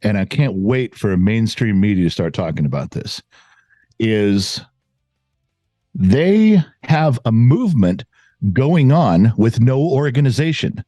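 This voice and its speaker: Animated middle-aged man, dark voice. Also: lowish voice, takes it slowly, no echo, clean studio sound. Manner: emphatic, repeats words for stress. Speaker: guest commentator. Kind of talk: opinionated casual chat.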